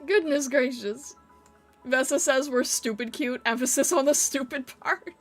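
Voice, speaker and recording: A woman streamer with a high voice speaks at a moderate pace, with faint music behind her. She chats casually with viewers on a live stream, giggling often and playfully reacting to their comments.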